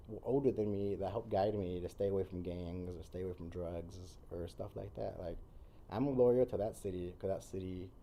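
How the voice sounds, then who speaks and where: A man's voice: on the low side, warm tone. A man talking earnestly as a podcast guest in casual conversation, repeating phrases for emphasis.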